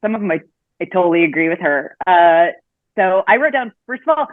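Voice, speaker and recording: A woman's voice: on the low side, animated, fairly quick, no echo. A woman joins a casual podcast chat over a thin, phone-like line that sounds tinny and dry. She talks hesitantly, with lots of fillers and restarts. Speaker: podcast guest.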